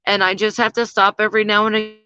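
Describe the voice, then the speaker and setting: A woman's voice: medium pitch, flat delivery, fast, bright, forceful tone, smooth, dry recording, faint music behind. A woman vlogger chatting casually to her viewers, gushing and full of fillers. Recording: slightly dull lo-fi sound.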